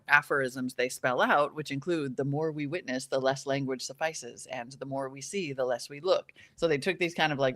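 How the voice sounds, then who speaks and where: A woman's voice: a bass voice, no echo. A woman co-hosting a live-stream podcast, chatting casually and animatedly, often laughing and acting out what other people say. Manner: animated, laughing, acts out quoted voices. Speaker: podcast co-host.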